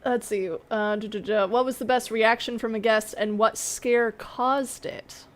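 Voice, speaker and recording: Woman host, giggly, slow, higher voice. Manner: giggly, lively. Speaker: interview host. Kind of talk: casual interview chat.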